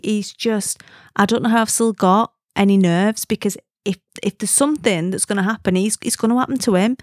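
A woman's voice: mid-range voice, no echo, studio quality. A woman hosting a podcast in a casual, rambling way, full of slang and self-deprecating asides. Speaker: podcast host. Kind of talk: casual chat.

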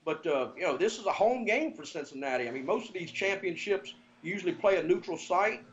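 A man with a Southern American accent giving betting lines in casual sports talk, halting with many fillers. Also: high-pitched, lively intonation, highs cut off, slight background noise.

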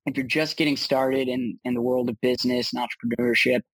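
A man's voice: mid-range voice, fairly even intonation, brisk, a bit bright, slightly rough, dry recording, poor audio. A man, a startup founder being interviewed, answering in an upbeat casual way with many restarts and fillers.

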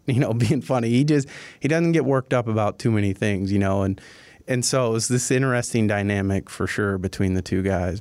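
A man's voice: on the low side, a little mellow, clean tone, no echo. A man in team communications recalling how he got his start, talking in a storytelling way full of "you know" fillers. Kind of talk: reflective interview remarks.

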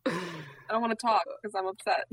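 A woman's voice: medium pitch, fairly even intonation, a little fast, poor audio. A woman co-hosting a book podcast in casual chat, emphatic and repeating words for stress. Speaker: podcast co-host.

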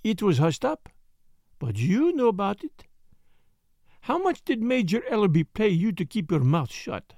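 A man doing Hercule Poirot, sharp French-accented detective. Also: high-pitched, very animated, a little slow, creaky, dry recording, studio quality, voice pushed up, heavily acted. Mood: probing. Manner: precise, needling questions with sudden sharp jabs. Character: shrewd middle-aged Belgian detective, probing and self-assured. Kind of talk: audiobook character voice.

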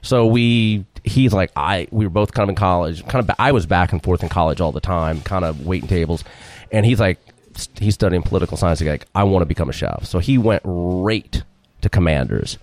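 A man's voice: sits low, lively intonation, fairly quick, a little mellow, dry recording. A middle-aged man telling a long story in a casual interview, rambling, acting out quotes and laughing often. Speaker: restaurant owner, guest.

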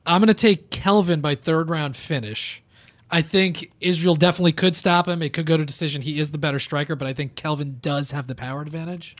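A man's voice: on the high side, fairly even intonation, fairly quick, no room sound. A man co-hosting a casual chat, agreeable and a bit hesitant. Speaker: co-host.

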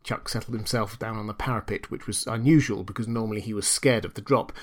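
A man narrating a short story in a measured, storytelling manner. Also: fairly low pitch, fairly even intonation. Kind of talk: scripted audiobook narration.

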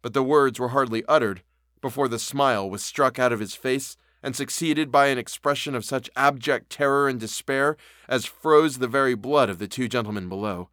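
A man reading a classic story aloud for a podcast in a measured, steady way. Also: medium pitch, dry recording, clean studio sound. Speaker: podcast reader.

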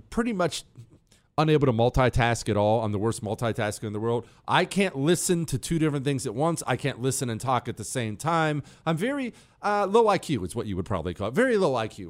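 A man hosting a talk radio show, riffing casually in an animated, sarcastic and self-mocking way. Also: medium pitch.

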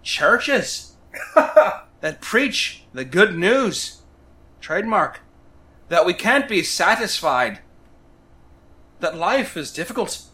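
A man's voice: high voice, big pitch swings, very slow, long pauses, sharp tone, full character voice. A man reading a short biography aloud in a put-on, lilting Irish accent, laughing through it. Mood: mock-solemn.

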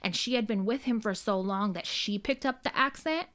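A woman's voice: mid-range voice, normal speed, fairly bright tone. Rambling woman telling a dream story. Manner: rambling, lots of likes and ums, cursing. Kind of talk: casual storytelling chat.

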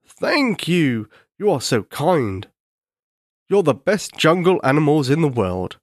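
A man's voice: a little high, very animated, slow, no room sound, clean studio sound, full character voice. A man voicing a tired, kindly lion king in a children's storybook. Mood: weary.

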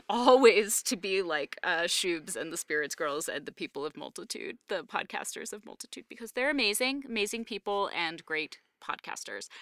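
A woman co-hosting a podcast, chatting casually and wandering off on tangents, with plenty of fillers. Her voice is bright and smooth, and the sound is dry and close to the mic. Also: medium pitch, no echo. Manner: chatty and digressive, with many fillers. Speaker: podcast co-host. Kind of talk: casual chat.

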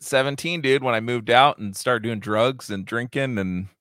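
A man's voice: medium pitch, normal speed, a bit bright, no room sound. Dry-voiced American guy, chatty and swearing. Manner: swears a lot, laughs often; calls everyone dude. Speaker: podcast co-host. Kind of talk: casual chat.

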